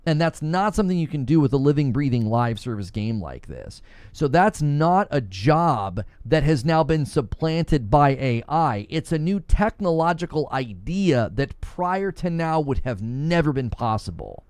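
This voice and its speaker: A man's voice: a little high, very animated, unhurried, darkish tone, smooth, no echo. A man co-hosting a casual gaming news talk show, explaining his view at length in an argumentative way. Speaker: podcast co-host.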